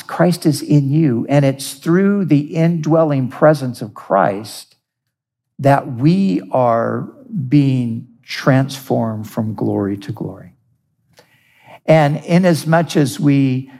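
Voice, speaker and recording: Slow, gravelly male preacher. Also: mid-range voice, dark tone. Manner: earnest preaching, deliberate with emphatic repetition. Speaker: pastor. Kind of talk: sermon.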